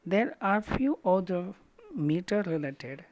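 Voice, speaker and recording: A woman with an Indian English accent gives a recorded lecture in a low, unhurried voice. She talks slowly and deliberately, sounding out stressed and unstressed syllables one by one. The recording is dry and close, with no room echo. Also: animated, darkish tone. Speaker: teacher.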